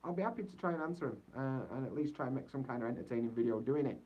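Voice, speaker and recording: A man's voice: animated, very fast, slightly rough. Rambling English guy, muffled mic. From Yorkshire, England. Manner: rambling and easygoing, full of fillers like "so yeah". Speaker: vlogger living in Japan. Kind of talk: casual livestream chat. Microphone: poor-quality mic. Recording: dull, muffled low-quality mic.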